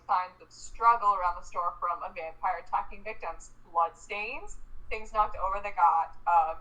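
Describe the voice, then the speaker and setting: A woman's voice: mid-range voice, bright, forceful tone, rough recording. A woman playing a tabletop game, chattily describing what her character does. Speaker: player.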